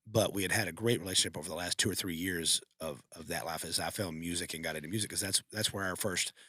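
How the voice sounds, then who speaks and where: A man's voice: low voice, fast talker, pushed and bright, slightly rough, no echo, studio quality. A man co-hosting a podcast, telling a heartfelt personal story in a rambling, emotional way with many restarts. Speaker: podcast co-host. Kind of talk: casual storytelling.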